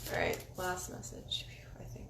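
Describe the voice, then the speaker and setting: A woman giving a casual spiritual oracle card reading, candid and encouraging, sometimes dropping into soft meditation guidance. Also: moderate pace, in a whisper. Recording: echoey room with faint ambient noise.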